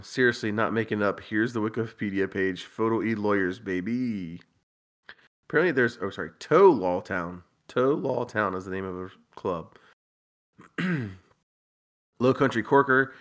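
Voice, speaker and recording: A man with a somewhat low speaking voice hosts a casual podcast. He reads through a list at an easy pace, with wry, deadpan remarks and the odd chuckle. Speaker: podcast host. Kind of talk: casual podcast chat, reading out a listener's list.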